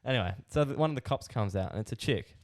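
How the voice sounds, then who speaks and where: A man with an Australian accent, a podcast co-host telling a rambling, animated anecdote in casual chat. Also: mid-range voice, fast talker. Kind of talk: casual storytelling.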